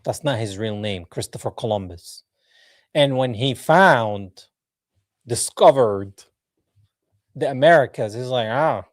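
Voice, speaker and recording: A man's voice: medium pitch, lively intonation, a little slow, pauses often, no room sound. A man hosting a live podcast, reacting to clips with mocking, sarcastic commentary and laughter. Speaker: podcast host.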